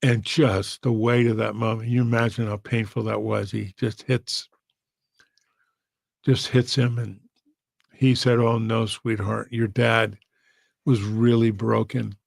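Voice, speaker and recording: A man's voice: fairly low pitch, little pitch movement, measured pace, gravelly, no room sound. A man, a pastor, telling an emotional story in an earnest, heartfelt way. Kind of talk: storytelling sermon.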